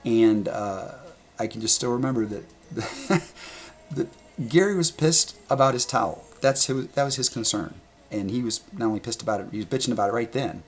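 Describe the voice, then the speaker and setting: A man telling stories to his camera at a table indoors, animated and rambling, with blunt sound words and casual swearing. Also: mid-range voice, moderate pace. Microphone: camera in front of him.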